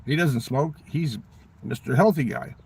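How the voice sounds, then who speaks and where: A man with a smoker's rasp, rambling through a profane political rant. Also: medium pitch, huge pitch swings, measured pace, a little mellow, distant mic, slight background noise. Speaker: vlogger.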